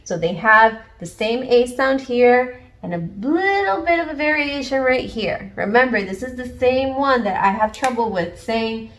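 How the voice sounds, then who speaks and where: A woman's voice: on the high side, expressive, unhurried. A woman from Puerto Rico giving a casual video lesson, chatty and encouraging as she explains at a whiteboard. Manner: chatty and encouraging, self-deprecating. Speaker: online language learner teaching viewers. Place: indoors at a whiteboard. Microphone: camera framing her at the board.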